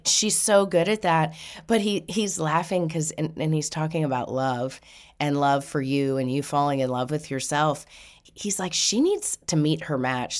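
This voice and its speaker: A woman host giving a spiritual reading, passing on messages with frequent laughter. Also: low voice. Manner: relays messages in quotes, laughing often. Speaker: psychic medium.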